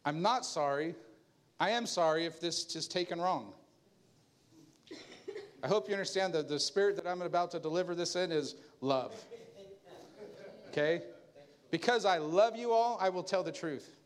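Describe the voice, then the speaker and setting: A man's voice: normal speed, pauses often. A man preaching a sermon, talking straight to his congregation in a loose, conversational way and acting out the people he quotes. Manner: animated, jumps into a higher voice to act out quoted people; conversational preaching with asides and laughs. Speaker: pastor.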